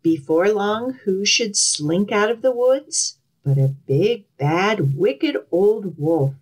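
Woman children's librarian, storytime read-aloud, very expressive, slow, outdoors. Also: mid-range voice, breathy edge, low-quality recording. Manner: expressive, animated, storyteller's lilt.

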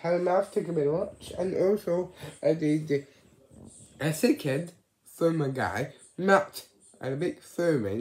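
A man chatting casually on his vlog, rambling and halting, often repeating his words. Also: a little high, a little mellow, reverberant. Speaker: vlogger.

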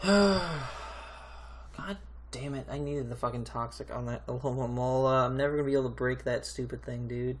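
A man narrating his own match as he plays it, talking to himself more than to anyone else. He swears freely and sounds worn down, thinking each move through aloud in a mid-pitched, ordinary voice. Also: level tone, fast, few pauses, a little hiss or hum. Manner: swears constantly, mutters to himself. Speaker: gaming YouTuber. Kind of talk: live gameplay commentary.

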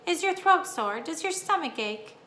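A woman's voice: a little high, animated, moderate pace, sharp tone. A woman doing an anxious, fussing mother. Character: anxious human mother caring for sick son. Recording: echoey room, faint hum.

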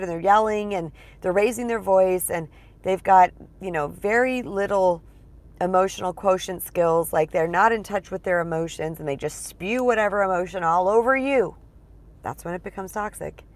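Low-voiced woman coaching casually. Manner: conversational, emphatic, swears casually. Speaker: spiritual empowerment coach. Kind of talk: casual advice monologue.

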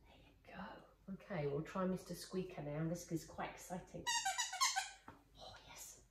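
Woman dog trainer, lowish voice, encouraging, recorded from across an echoey room with faint noise. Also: steady tone, moderate pace, whispered, distant mic. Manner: praising, encouraging. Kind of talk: casual training demonstration.

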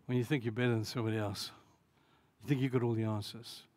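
A man's voice: mid-range voice, steady tone, fast, a little mellow. A man preaching a sermon as pastor, telling the story dramatically and acting out the voices in it. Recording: long hall reverb.

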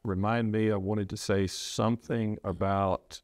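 A low-voiced middle-aged man speaks with earnest, halting sincerity, often stumbling and restarting mid-thought. He sounds like a preacher recounting something personal. The recording is dry and close, with no room sound. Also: level tone, darkish tone, dry recording. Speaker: preacher sharing his loss. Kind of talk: reflective interview talk.

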